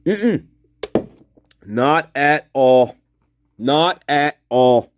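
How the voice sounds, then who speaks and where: A man's voice: medium pitch, animated, very slow, slight background noise. A man hosting a livestream, ranting angrily and profanely into his phone, repeating his points over and over. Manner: angry, profane, repetitive. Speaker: livestream host. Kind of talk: livestream rant.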